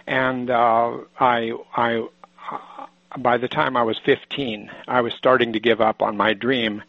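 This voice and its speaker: An older man from Oregon, a psychoanalyst, telling a personal story in a halting, thoughtful way with many restarts, on a muffled lo-fi recording. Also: mid-range voice, flat delivery, gravelly, dry recording. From Oregon, USA.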